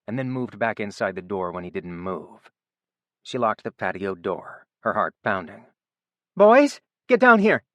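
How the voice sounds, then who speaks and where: A man narrating an audiobook in a steady, even storytelling voice. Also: low-pitched, dry recording. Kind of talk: scripted narration.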